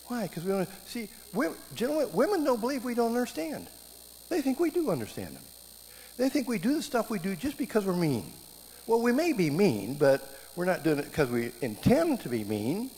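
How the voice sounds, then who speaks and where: A middle-aged man giving a sermon, telling stories with lively quoted voices. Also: high voice, moderate pace. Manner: animated storytelling, voices quoted speakers. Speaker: preacher teaching marriage classes. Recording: long hall reverb, faint background noise.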